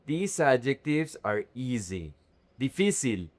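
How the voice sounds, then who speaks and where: A man teaching Spanish vocabulary, speaking slowly and carefully and repeating words to model pronunciation. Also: medium pitch, sing-song. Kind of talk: language lesson.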